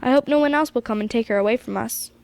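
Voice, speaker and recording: A woman's voice: a little high, fast talker, gravelly, no room sound. A woman voicing a kindly old lighthouse-keeper grandfather. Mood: fond. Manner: homely dialect speech, fond and gentle.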